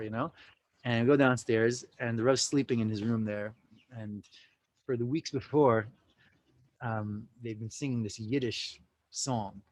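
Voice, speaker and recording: A man's voice: mid-range voice, normal speed, a little mellow, poor audio. A man from the United States, a podcast guest, telling a story casually and animatedly. He acts out quotes, fills his talk with "like" and "you know", and mixes in Yiddish and Hebrew religious terms. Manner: peppers speech with "like" and "you know".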